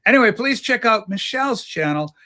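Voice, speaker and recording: A man's voice: high-pitched, animated, fairly quick, pushed and bright. A man hosting a casual group video call, playful and teasing as he jokes with guests. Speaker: host.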